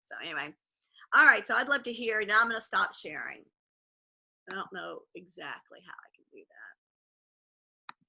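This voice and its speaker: An upbeat woman hosting a casual coaching call, her voice sharply bright with a gravelly edge. She talks in an animated way and keeps turning questions over to others. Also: mid-range voice, normal speed, long pauses.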